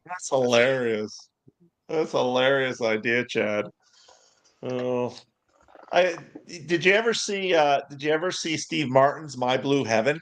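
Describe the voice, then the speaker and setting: A man who works as a pastor, chatting casually on a livestream in a reflective, halting way with many restarts. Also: mid-range voice, expressive, a bit bright, slight background noise.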